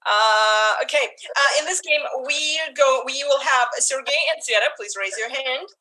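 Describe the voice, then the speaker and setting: Woman improv host, fairly high, bright tone, chatty upbeat audience talk, video call mic. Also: normal speed, rough recording. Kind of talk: live online show hosting.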